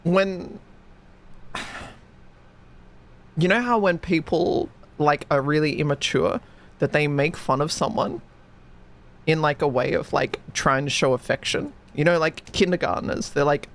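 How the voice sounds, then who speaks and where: A man's voice: a little high, unhurried, gravelly. A man streaming and chatting casually, rambling and giggly, hiccuping with the sniffles. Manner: rambling, giggly, self-mocking. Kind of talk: casual chat.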